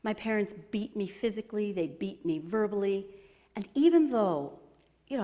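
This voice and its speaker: A woman's voice: medium pitch, mellow. A middle-aged woman, a relationship therapist, giving a motivational talk at an expo, telling emotional personal stories with self-deprecating humor and leading a guided meditation. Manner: leads a guided meditation in a slow, soothing voice. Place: large expo hall. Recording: long reverb in a large hall.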